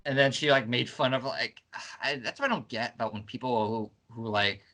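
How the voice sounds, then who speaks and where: A man's voice: medium pitch, fairly even intonation, normal speed, bright, forceful tone. A young man hosting a casual chat, talking in a rambling, wry way and often stopping to restart his sentences. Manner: rambling, self-interrupting, wry. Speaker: channel host.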